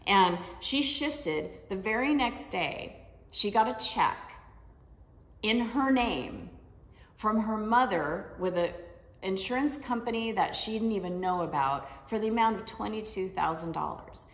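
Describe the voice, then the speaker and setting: A woman's voice: mid-range voice, animated, unhurried. Conversational woman life coach, echoey room. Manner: conversational storyteller, tag questions. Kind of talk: motivational talk with personal stories. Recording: roomy with long reverb.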